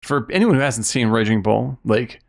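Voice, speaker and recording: A man's voice: mid-range voice, expressive, normal speed, creaky. A man co-hosting a casual film podcast, talking enthusiastically with plenty of fillers. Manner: enthusiastic, lots of likes and yeahs. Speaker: podcast co-host.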